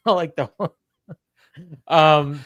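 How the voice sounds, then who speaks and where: A man's voice: on the high side, steady tone, extremely slow, a bit bright, no room sound, highs cut off. Chatty male podcast host, dry sound. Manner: chatty, laughs often, many fillers. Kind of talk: casual wrestling recap chat.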